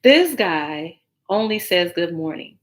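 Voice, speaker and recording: A woman's voice: on the low side, takes it slowly. A woman dating coach hosting a podcast, giving casual advice and acting out text exchanges in quoted voices. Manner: animated, acts out texts in quoted voices.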